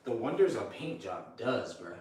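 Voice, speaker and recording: A man's voice: lowish voice, big pitch swings, normal speed, a little mellow. A man giving casual, chatty commentary to himself while painting a bathroom, with slangy asides. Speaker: DIY home renovation vlogger. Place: small bathroom being renovated, indoors. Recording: echoey small room, far from mic, background noise.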